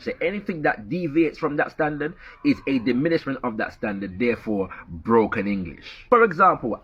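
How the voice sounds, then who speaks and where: A man with a Jamaican accent explaining language in a measured, emphatic lecture style, often checking in with "yeah". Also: medium pitch, fairly bright tone, slightly rough. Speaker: commentator on language. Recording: dull lo-fi played clip.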